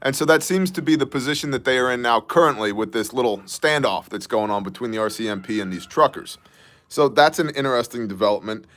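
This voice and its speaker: A man hosting a casual news commentary show, sarcastic and joking with quick asides. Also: medium pitch, fairly bright tone. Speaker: host of a news brief show.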